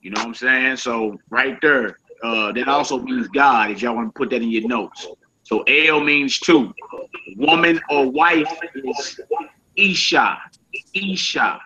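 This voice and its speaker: A man teaching a casual Hebrew vocabulary lesson, saying each word slowly and repeating it, with relaxed slang asides to his listeners. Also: mid-range voice. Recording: dull lo-fi sound.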